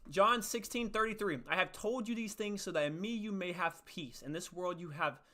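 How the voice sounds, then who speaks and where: Still breathless after push-ups, a young man hosting a casual faith livestream stays upbeat and chatty while reading and replying to viewers' chat. He speaks at a normal speed in a high-sitting, bright voice with a forceful tone.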